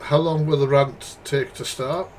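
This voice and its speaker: A man's voice: medium pitch, fairly even intonation, measured pace, over music. Blunt, sweary British man streaming live. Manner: blunt, sweary, exasperated asides to chat. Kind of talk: casual live commentary.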